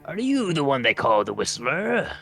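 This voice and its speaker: A man's voice: medium pitch, wildly swooping pitch, normal speed, vocal fry, bright, forceful tone, soft background music, pitched above the performer's own voice, exaggerated voice. A man voicing Nex, a male pirate crew leader, with a lifted, slightly distant voice. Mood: admiring.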